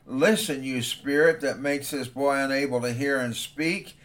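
A man voicing Jesus as a calm, commanding male teacher in a sermon reading. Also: mid-range voice, unhurried, close to an everyday voice.

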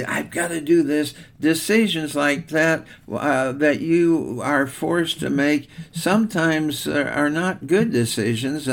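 Older guy pastor, gravelly voice, chatty folksy sermon story. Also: mid-range voice. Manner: homespun storyteller, rambling with fillers.

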